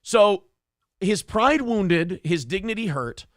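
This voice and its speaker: A man's voice: high-pitched, lively intonation, slow, dry recording, clean studio sound. A man hosting a casual podcast, telling stories animatedly and slipping into funny voices for the people in them. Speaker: podcast host.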